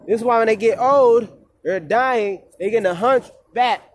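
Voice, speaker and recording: A man with a high-pitched voice lectures his viewers straight to camera. He talks in a preachy, emphatic way and mixes in plenty of street slang. He speaks casually and forcefully, like a wellness coach making his case. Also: moderate pace. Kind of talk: informal monologue to viewers.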